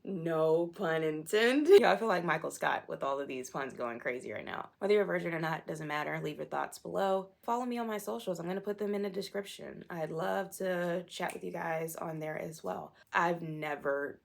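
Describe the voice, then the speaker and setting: Low, gravelly-voiced young woman vlogging candidly. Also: a little fast, few pauses. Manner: candid, self-deprecating, candid storytelling. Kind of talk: personal storytelling vlog.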